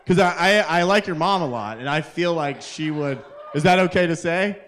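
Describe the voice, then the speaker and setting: A man's voice: a little high, normal speed, a bit bright, a little hiss or hum. A man hosting a live open mic, doing rambling, self-interrupting crude stand-up to the crowd at a kava bar. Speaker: comedian and open mic host.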